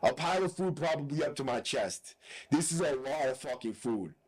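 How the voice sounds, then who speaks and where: A man's voice: medium pitch, expressive, moderate pace, husky, poor audio. A man recounts a story on his podcast in a casual, blunt way. He swears freely and keeps checking in with asides, his voice sitting in an ordinary middle register. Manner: profane, blunt, with frequent "right?" asides. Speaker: podcast host.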